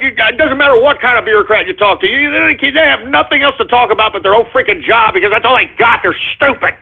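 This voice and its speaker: A middle-aged man hosting his own call-in radio show, ranting loudly and emphatically, swearing and hurling insults. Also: high voice, vocal fry, husky. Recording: tinny phone-line quality.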